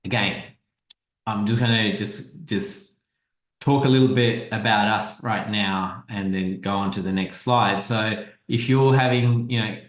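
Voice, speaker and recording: A man's voice: lowish voice, a little slow, reverberant, low-quality recording. A man giving a casual marketing presentation over slides, talking conversationally and often restarting and repeating his words.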